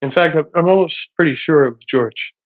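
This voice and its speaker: A man's voice: fairly high pitch, a little fast. A man streaming live, rambling casually with lots of hesitant fillers and a slightly breathless voice. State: a bit out of breath. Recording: tinny phone-like audio.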